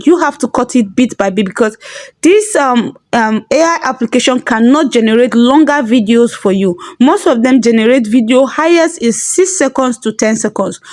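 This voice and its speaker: A woman's voice: fairly high pitch, a little mellow. A woman hosting a tutorial, patiently explaining each step and repeating key points. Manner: patient, instructive, repeats herself. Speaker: tutorial host.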